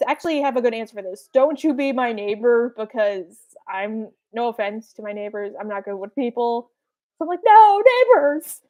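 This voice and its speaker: Fielding questions from fans during a live Q&A, a young woman streamer chats casually, wandering off on tangents, packing in fillers and tossing off brief quoted asides. She speaks on the high side with a slightly mellow quality.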